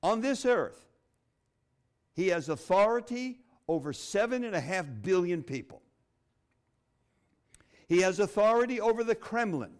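A middle-aged man preaches with a high voice that leaps up and down in pitch. He speaks expressively, with dramatic pauses and flashes of humor. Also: animated, clean tone. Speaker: pastor. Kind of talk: sermon.

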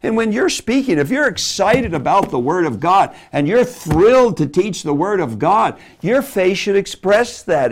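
Emphatic male preacher teaching a class, lively up-and-down delivery. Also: high voice, moderate pace, hardly any pauses. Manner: animated, emphatic delivery with sudden drops to a quiet voice. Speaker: preacher teaching public speaking. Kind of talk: preaching lesson on speaking.

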